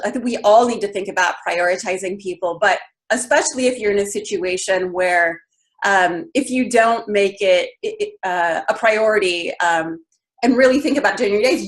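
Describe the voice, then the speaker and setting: A woman giving an informal webinar talk, who says "um" and "you know" a lot as she explains. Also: medium pitch. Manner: casual, many ums and you-knows. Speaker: webinar presenter.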